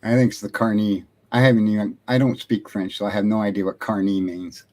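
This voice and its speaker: A man's voice: lowish voice, a little fast, darkish tone. A man joining a live-stream chat, jokey and chuckling.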